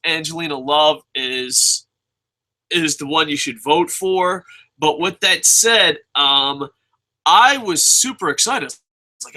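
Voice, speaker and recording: Young male vlogger, bright cutting voice, cursing, animated opinions. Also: a little high, rough recording. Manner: profane, animated, mock-voices fans. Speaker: wrestling vlogger. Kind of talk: casual opinion vlog.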